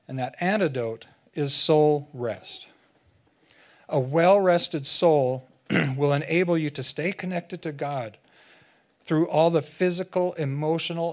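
A man filling in as guest preacher, giving a conversational sermon and slowing down to stress key phrases. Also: fairly high pitch. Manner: conversational, slows down for emphasis.

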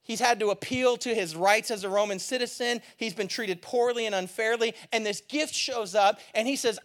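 A man preaching a sermon as a pastor, talking in a lively, conversational and emphatic way with playful asides. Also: high voice, normal speed, hardly any pauses.

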